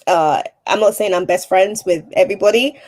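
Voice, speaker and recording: A woman's voice: medium pitch, moderate pace, a little mellow. A woman, a TV presenter and voice-over artist, speaking as a podcast guest and giving earnest, encouraging advice that repeats its key points. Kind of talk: motivational advice in conversation.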